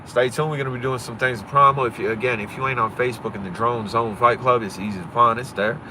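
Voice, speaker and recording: A man from Pennsylvania talking fast and profanely on a casual livestream, swaggering and rambling, recorded on a phone outdoors. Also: mid-range voice, fairly even intonation, background noise.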